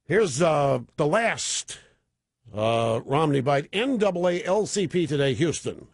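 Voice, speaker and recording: A man's voice: a little high, animated, measured pace, no echo, studio quality. A man hosting a radio talk show, delivering an opinionated monologue with sarcastic, mocking asides.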